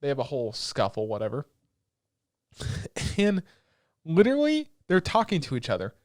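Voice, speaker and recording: A young man co-hosting a podcast, recapping anime in a rambling, excitable way with lots of filler words and swearing. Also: a little high, normal speed, dry recording, clean studio sound. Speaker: podcast co-host. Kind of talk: casual chat recapping anime episodes.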